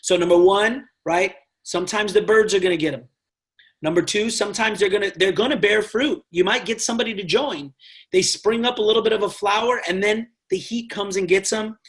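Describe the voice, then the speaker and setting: A man with a notably high-pitched voice coaches a sales team. His delivery is animated and direct, and he punctuates his points with constant check-ins to his listeners. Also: a little fast. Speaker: network marketing trainer. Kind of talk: motivational team training talk.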